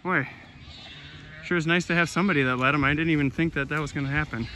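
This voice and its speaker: A man's voice: fairly high pitch, fast talker, bright, forceful tone. A man farmer chatting casually while herding his flock outdoors, rambling and talking to his animals. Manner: folksy, rambling, talks to the animals. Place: outdoors on a farm hillside and woods. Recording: outdoor noise with sheep bleating. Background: sheep bleating.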